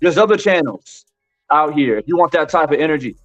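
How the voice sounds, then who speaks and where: A man hosting a live boxing commentary show speaks a little fast in a slightly high, expressive voice. He drives his points to the chat again and again, sprinkling in "bro" often, on dull lo-fi audio with faint music.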